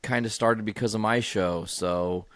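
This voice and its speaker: A man's voice: fairly low pitch, steady tone, a little slow, fairly bright tone, dry recording. A man hosting a podcast in casual chat, swearing freely and confidently giving advice. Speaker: podcast host.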